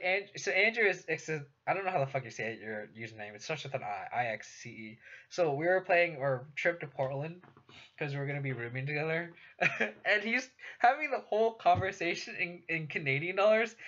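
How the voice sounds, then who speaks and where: A man's voice: sits high, lively intonation, a little fast, a bit bright. A young man with a West Coast American accent chatting casually while streaming a card game, swearing and laughing often. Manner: laid-back, swears a lot, laughs often. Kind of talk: casual chat while gaming. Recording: dull lo-fi stream audio.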